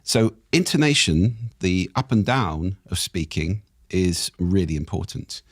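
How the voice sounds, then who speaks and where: A man, a speaking expert and podcast guest, explaining things in a measured way with examples, his voice a little croaky. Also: low-pitched, lively intonation, no room sound, studio quality. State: slightly croaky. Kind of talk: explanatory interview talk. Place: podcast studio.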